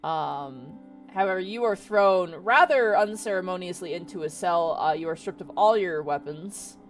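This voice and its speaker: A woman's voice: on the low side, moderate pace, soft background music. Chatty woman narrating a tabletop game. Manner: chatty, lots of "kinda" and "like". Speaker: game master.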